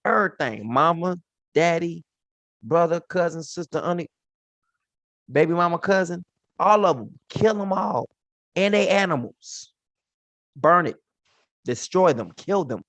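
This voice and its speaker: A man with a fairly high voice teaches scripture casually and in slang. He acts out the characters' words as he retells the stories. The sound is dry and close. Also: expressive, measured pace, pauses often, fairly bright tone, no echo. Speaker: Bible teacher. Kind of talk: informal Bible teaching.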